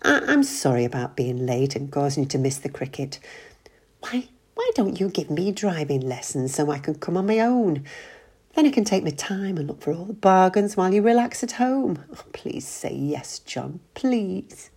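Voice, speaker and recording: A woman voicing an exasperated wife in a read-aloud story, with a husky, scolding and pleading voice. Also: lowish voice, sing-song, moderate pace, a little mellow, voice pushed up, exaggerated voice. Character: fed-up wife, cautious then furious.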